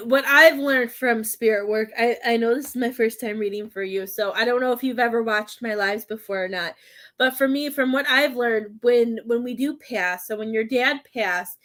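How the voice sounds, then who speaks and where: A woman with a slightly high, fairly bright voice gives a psychic medium reading on a live stream. She talks hesitantly and ramblingly with many fillers, emotional and often choking up.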